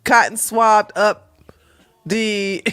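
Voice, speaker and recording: A woman's voice: medium pitch, a bit bright. A woman hosting a livestream, giving casual, sarcastic commentary and often breaking into laughter. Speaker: livestream host. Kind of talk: casual commentary reading chat.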